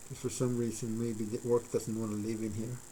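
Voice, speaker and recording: On a craft stream, a live-streaming model maker chats casually while he works, rambling, using lots of filler, thinking aloud and talking to viewers. His voice is fairly low, warm and flat in delivery at a fairly quick pace, and the rough recording has a little hiss or hum.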